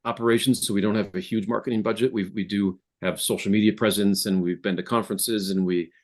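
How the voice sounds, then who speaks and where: An app founder appears as a guest in a casual interview, joining by video call from his home office. He speaks quickly in a fairly low, fairly even voice. He sounds hesitant, with many fillers and frequent restarts.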